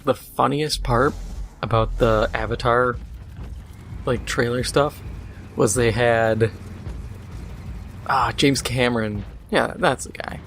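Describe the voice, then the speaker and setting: A man's voice: medium pitch, fairly even intonation, takes it slowly, pauses often, a bit bright, slight background noise. A man hosting a gaming video, chatting casually and sarcastically ranting while he plays.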